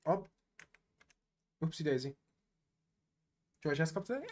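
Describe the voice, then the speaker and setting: Excitable man giving slangy chess commentary. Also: mid-range voice, normal speed. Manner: excitable, slangy, talks straight to the player. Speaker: chess streamer. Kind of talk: casual live chess commentary.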